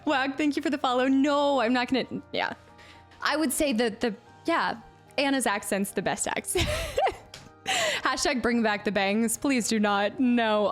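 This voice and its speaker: A young woman streamer chatting casually with her viewers, bubbly and quick to laugh. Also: fairly high pitch, expressive, faint music behind. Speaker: variety streamer. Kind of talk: casual live-stream chat.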